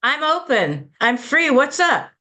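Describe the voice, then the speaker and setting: A man's voice: very high voice, very animated, takes it slowly, sharp tone, voice pushed up, full character voice. A man voicing a busy female friend on the phone, hesitant and distracted. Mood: eager.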